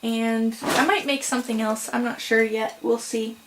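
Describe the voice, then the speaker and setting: A young woman chatting casually to camera at home about her crochet projects, with frequent "um"s and "so"s and quick apologies. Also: a little high, fairly even intonation, background noise. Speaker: crochet vlogger. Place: home room.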